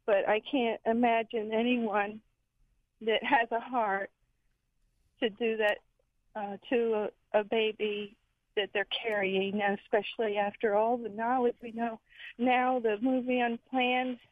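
A woman's voice: fairly high pitch, little pitch movement, unhurried, no echo. Earnest woman caller over a phone line. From Florida. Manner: earnest, hesitant with fillers. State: a little out of breath. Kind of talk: call-in radio chat.

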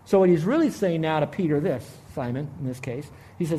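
A middle-aged man preaching a sermon as a pastor, animated, swinging between loud emphasis and hushed asides. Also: fairly high pitch, fairly quick, hardly any pauses, slight background noise.

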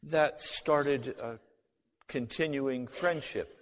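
A man of middle pitch tells a personal testimony, voicing both sides of old conversations. His voice carries a long reverb, as if recorded in a large hall. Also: takes it slowly. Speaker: speaker giving a personal testimony. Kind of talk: spoken testimony storytelling.

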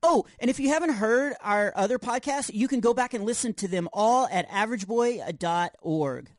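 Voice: medium pitch, lively intonation, normal speed, no room sound, lightly acted. An adult voicing a goofy, overconfident boy hero as co-host of a scripted kids' podcast, full of boastful, self-mocking jokes. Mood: cheerful. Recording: dry close studio sound.

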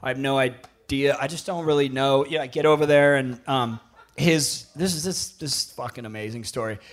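A middle-aged American man telling rambling, profane stories in casual chat, laughing often and putting on high voices for the people he quotes. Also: moderate pace. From United States. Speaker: guest.

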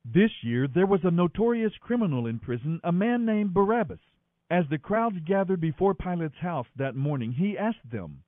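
A man doing a daily Bible reading in an expressive, dramatic manner. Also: high-pitched, normal speed, no echo. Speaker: scripture reader. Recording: thin phone-like sound, dry.

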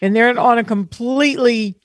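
A woman's voice: fairly high pitch, normal speed. A female co-host teasing and praising an interview guest in a playful way. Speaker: radio co-host. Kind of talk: casual interview chat.

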